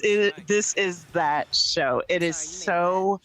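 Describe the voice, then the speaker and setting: A woman film critic reviewing a series in casual chat, animated and laughing, with plenty of fillers. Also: fairly low pitch, takes it slowly, hardly any pauses.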